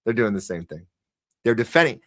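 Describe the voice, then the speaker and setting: A man's voice: lowish voice, sing-song, brisk, a bit bright. A man hosting a live news commentary podcast, ranting sarcastically and talking to his chat audience. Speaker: podcast host.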